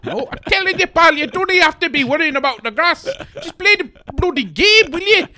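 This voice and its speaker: A man voicing a rowdy, cheeky working man from northern England, loud and laughing. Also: extremely high pitch, expressive, a little fast, pitched above the performer's own voice, heavily acted. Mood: scolding.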